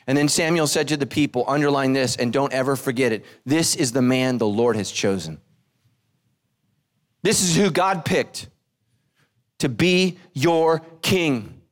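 Man, middle-aged pastor, high voice, lively sermon, acts out quotes.

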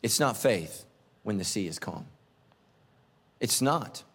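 Animated preacher man in a reverberant hall. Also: slow, breathy edge. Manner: animated storytelling, acts out voices, big pitch swings. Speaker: pastor. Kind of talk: sermon. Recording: long reverb of a large hall.

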